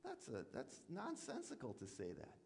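A man's voice: mid-range voice, huge pitch swings, moderate pace, creaky, darkish tone, big-room sound. A man preaching a sermon as a pastor, talking conversationally with rhetorical questions and acted-out asides.

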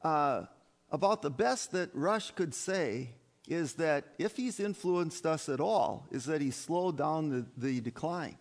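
Emphatic male preacher, slightly high voice. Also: expressive, slow. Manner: emphatic, repeats phrases, addresses the congregation as folks. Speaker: pastor. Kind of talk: sermon.

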